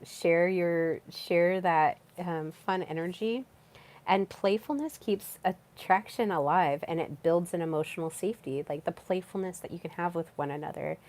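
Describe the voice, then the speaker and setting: A young woman with a low-pitched voice talks through her solo podcast in a loose, chatty way. She restarts phrases often and leans on "like" and "um" as she goes. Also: moderate pace, darkish tone. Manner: chatty, with frequent fillers and repeated words. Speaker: podcast host. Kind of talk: casual solo podcast talk.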